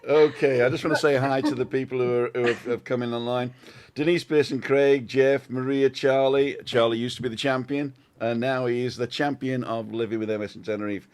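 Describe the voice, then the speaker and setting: A man's voice: medium pitch, steady tone, a little fast, darkish tone. A man co-hosting a casual live stream, chatting and greeting viewers by name. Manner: reads out viewer names cheerfully. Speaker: co-host.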